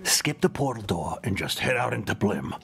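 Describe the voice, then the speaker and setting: Gene, a tired, grumpy alien boss in a game, with a gravelly voice and a sarcastic, jaded edge to every order. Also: male voice, fairly low pitch, sing-song, moderate pace, a bit bright, heavily acted. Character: weary, grumpy alien boss handing out jobs.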